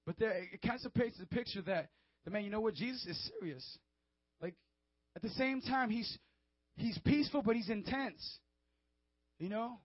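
A man's voice: sits high, moderate pace, no echo. A man preaching a fervent, emphatic sermon to a young audience, often calling out to his listeners. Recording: dry, dull lo-fi sound.

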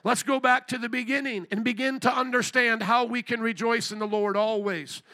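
A man's voice: very high-pitched, steady tone, moderate pace, pushed and bright. A man preaching a sermon at a church service, fervent and repetitive, with rhetorical questions. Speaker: pastor.

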